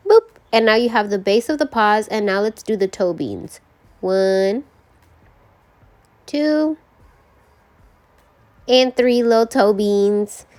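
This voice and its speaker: A bubbly young woman walks her viewers through a nail tutorial in a chatty, gushing way. She talks to the camera like a friend, bright and excitable, in a casual vlogging style. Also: medium pitch. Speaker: beauty vlogger.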